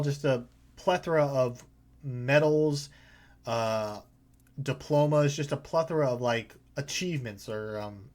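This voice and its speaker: Casual rambling game master man. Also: medium pitch. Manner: casual, rambling, filler-heavy. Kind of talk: narrating a tabletop game.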